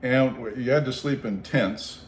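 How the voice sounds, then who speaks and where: An older man from the Seattle area, USA, hosts a podcast and tells stories in casual conversation. He's animated, acting out the people in his stories, laughing and repeating words, in an unhurried, mid-range voice. The room has a noticeable echo.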